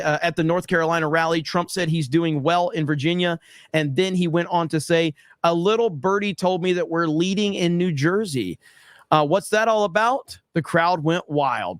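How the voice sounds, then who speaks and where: A man streaming live and reading out chat messages, talking in a blunt, profane and excitable way. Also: a little high, no room sound, clean studio sound. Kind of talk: casual livestream commentary.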